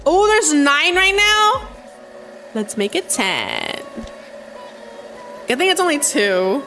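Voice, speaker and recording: A woman hosting a live gaming stream, bubbly, greeting and thanking her chat nonstop with excited gasps. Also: high-pitched, takes it slowly, faint music behind. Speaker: live-stream gamer host.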